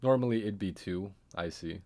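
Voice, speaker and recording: During a laid-back game stream, a man speaks in a low-pitched, darkish voice at ordinary speed. His talk wanders, and he keeps trailing off to mutter and chuckle to himself.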